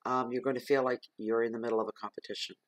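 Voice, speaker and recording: A man's voice: medium pitch, little pitch movement, very fast, no room sound, low-quality recording. A man giving a general tarot reading, talking straight to his listeners in an earnest, rambling way with frequent ums. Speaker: tarot reader.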